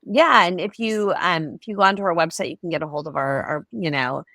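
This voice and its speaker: A woman's voice: on the low side, fairly quick, bright, forceful tone, no echo, clean studio sound. A middle-aged woman speaking as a podcast guest in casual interview chat, offering earnest encouragement. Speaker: podcast guest, ministry founder.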